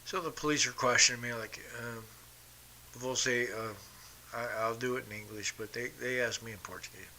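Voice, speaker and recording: A middle-aged podcast host delivers a casual storytelling monologue in a blunt, profane, combative style. His medium-pitched voice is bright and forceful, with fairly even intonation and normal speed, over slight background noise.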